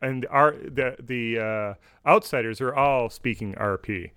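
An American man co-hosting a podcast, talking in casual chat, thoughtful and halting. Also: medium pitch, fairly bright tone, smooth, no echo, studio quality. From United States. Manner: thoughtful, halting, restarts mid-sentence. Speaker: podcast co-host.

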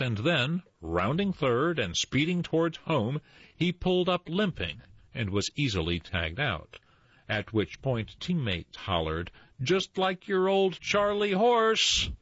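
A male co-host spins a folksy tall tale with a lot of up-and-down movement in his voice. His tone is a little husky. The recording sounds dull and dry. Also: mid-range voice, a little slow, no echo. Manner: animated, expressive storyteller. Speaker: storyteller and co-host. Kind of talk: lively tall-tale storytelling.

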